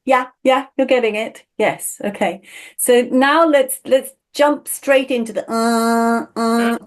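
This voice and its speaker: A woman's voice: high-pitched, measured pace. A woman teaching a one-on-one voice lesson, explaining with enthusiasm and laughing often.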